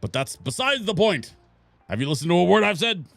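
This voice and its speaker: A man plays a haughty ancient boggart who guards a tavern in the shape of a cat, scolding and theatrical. The voice swings widely up and down as it lectures. Soft background music plays under it. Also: high-pitched, very animated, fairly quick, creaky, no echo, pitched above the performer's own voice, exaggerated voice. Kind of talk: voicing game dialogue while streaming.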